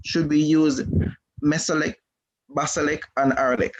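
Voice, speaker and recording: A man's voice: on the high side, level tone, normal speed, noisy background. Hesitant man on dull lo-fi call audio. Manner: hesitant, with frequent uh. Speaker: student reading questions from the chat.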